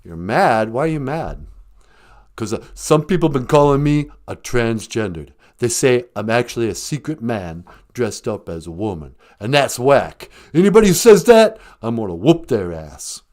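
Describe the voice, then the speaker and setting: A man's voice: medium pitch, very animated, normal speed, darkish tone, close to an everyday voice. A man voicing a famous first lady in a comic impression, sassy and blustering, threatening to fight her critics. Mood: indignant.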